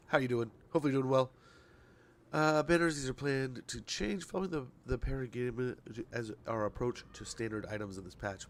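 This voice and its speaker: A man's voice: medium pitch, slight background noise. A man in his livestream chat, reading patch notes aloud in an ordinary, mid-range voice. He rambles, trips over words and laughs at his own slips as he goes. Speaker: streamer.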